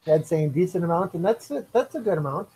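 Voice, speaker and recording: A man's voice: sits high, lively intonation, quick pace, dark tone, husky, dry recording. A man co-hosting a livestream, cheerfully reading viewer comments aloud. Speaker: co-host reading chat. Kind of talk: casual livestream chat.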